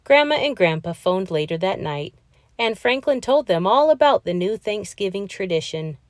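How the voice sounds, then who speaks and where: A woman reading a children's picture book aloud, in a slow, expressive storytelling voice. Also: mid-range voice, no room sound, studio quality.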